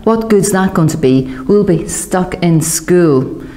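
A woman voicing a grumpy, outspoken teenage girl who shouts in exasperation. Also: on the low side, animated, slow. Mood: exasperated.

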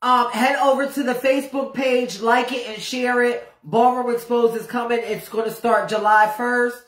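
This live streamer's voice is a little high, with fairly even intonation and a moderate pace, heard in a roomy space. She delivers an unscripted, profanity-laced rant, hammering home her points by repeating the same phrases over and over.

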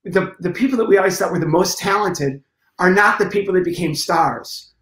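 A middle-aged comedian, a man, telling stories as an interview guest. He is lively and acts out scenes and sound effects as he goes. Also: sits high, brisk. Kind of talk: storytelling in a conversation. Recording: roomy echo.

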